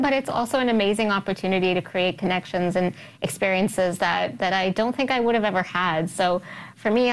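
Radio guest, woman, mid-pitched, earnest and reflective. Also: rough recording. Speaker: guest, company founder. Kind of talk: radio interview.

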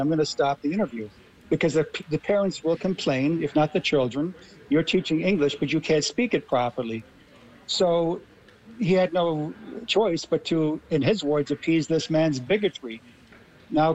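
American man explaining, somewhat high voice. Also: darkish tone, lo-fi sound. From Los Angeles, USA. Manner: explanatory, builds arguments. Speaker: guest linguist. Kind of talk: radio interview.

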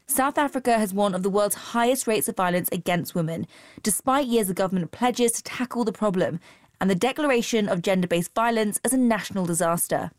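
A woman reading a formal news report in a measured, even delivery. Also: medium pitch, no echo, studio quality. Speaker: newsreader.

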